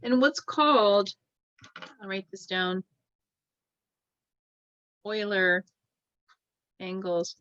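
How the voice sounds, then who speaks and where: A woman teaches a classroom lecture in a middle-pitched voice, walking through each point as she draws and pausing to ask "right?". The recording is dull and lo-fi, with a dry, close sound. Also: a bit bright, dry recording. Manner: explains while drawing, checks in with "right?" often.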